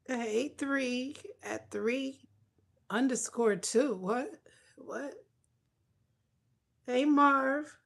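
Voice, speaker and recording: A woman at home livestreaming and chatting casually with her viewers, loud and joking, cursing and talking back to the chat. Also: sits high, very slow, vocal fry, pauses often.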